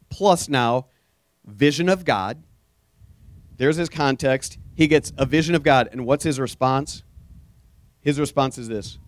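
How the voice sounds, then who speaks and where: A man pastor delivering a sermon in a mid-range voice. He talks in an earnest, storytelling way and swells with sudden bursts of energy. The recording is dry and close, with no room echo. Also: mid-range voice.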